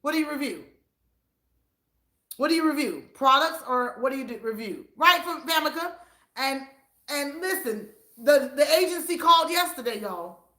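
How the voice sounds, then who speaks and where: An older woman with a Southern US accent chatting on a live stream in an animated, preachy way. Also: high voice, normal speed, echoey room. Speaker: vlogger. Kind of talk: casual live-stream chat.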